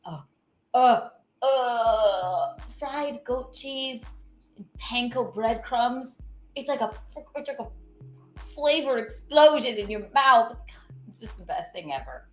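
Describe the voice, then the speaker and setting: A woman hosting a casual cooking livestream, chatting in an animated, giggly way and reading out viewer tips. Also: on the high side, slow. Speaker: cooking show host. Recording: echoey room with faint music.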